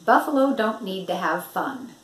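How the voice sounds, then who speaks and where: A woman voicing a grumpy, bellowing male buffalo in a storybook, gruff and stubborn. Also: lively intonation, normal speed, fairly bright tone, close to an everyday voice. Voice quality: booming. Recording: roomy echo.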